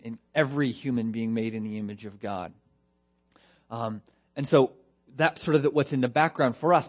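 A man's voice: medium pitch, darkish tone. Male pastor preaching a verse-by-verse sermon, earnest and teaching, leans on rhetorical questions. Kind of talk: expository sermon.

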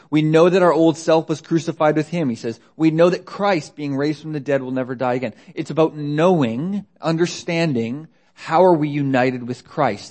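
A man's voice: a little high, a little mellow. A man preaching a sermon in a conversational way, asking rhetorical questions. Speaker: pastor.

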